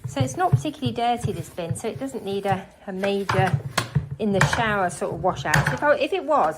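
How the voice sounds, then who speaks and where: A woman's voice: a little high, very noisy. A woman chatting casually while she cleans her house, a bit out of breath and scattered as she narrates each task. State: slightly out of breath. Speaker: home cleaning vlogger. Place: house, indoors.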